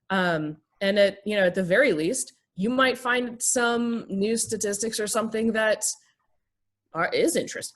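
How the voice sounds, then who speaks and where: A woman minister and therapist, a guest in an interview, explaining things thoughtfully with frequent ums and restarts. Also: medium pitch. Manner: acts out example dialogue in a lifted, gentle voice.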